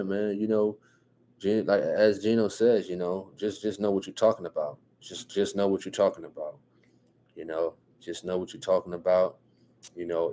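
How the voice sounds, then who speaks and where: Male host, New Jersey accent, deep and dark-toned, relaxed live-stream chatter. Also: a little hiss or hum. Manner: relaxed, repeats phrases, frequent "you know what I'm saying", chuckles often. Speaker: livestream host reading viewer comments. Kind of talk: casual live-stream chat.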